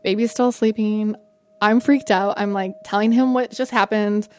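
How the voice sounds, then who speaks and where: A woman telling a personal story in a lively, conversational way, often saying "like" and acting out what people said. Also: medium pitch, moderate pace, a little hiss or hum. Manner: animated, frequent "like", acts out quoted dialogue. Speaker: guest storyteller. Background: faint music score.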